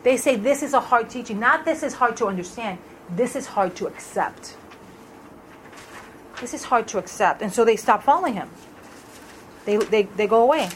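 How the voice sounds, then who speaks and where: A woman's voice: on the high side, lively intonation, moderate pace, pauses often, a little hiss or hum, poor audio. A woman leading a Bible study in a conversational way, asking the group questions as she reads through verses. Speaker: Bible teacher.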